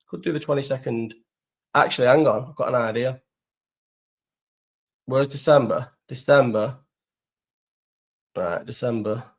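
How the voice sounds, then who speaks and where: A young man with a Liverpool accent, hosting a live chat and telling rambling, sweary stories with frequent laughs. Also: medium pitch. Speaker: host.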